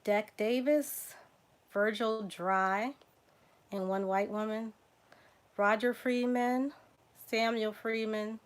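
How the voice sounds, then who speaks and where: A woman with a Southern US accent hosting a casual livestream, reading out name lists, spelling names letter by letter and chatting with viewers. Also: medium pitch. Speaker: genealogy livestream host.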